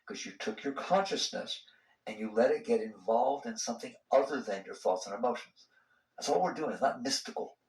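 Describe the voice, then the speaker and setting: A man giving a spiritual talk to an audience, conversational and animated, acting out the voices inside people's heads. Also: medium pitch, a little fast, recorded from a distance. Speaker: spiritual teacher. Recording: roomy hall sound, voice from off-mic.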